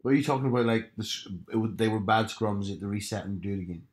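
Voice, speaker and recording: Young male co-host, dry deadpan quips, short teasing interjections. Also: lowish voice, racing. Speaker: podcast co-host. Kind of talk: casual chat.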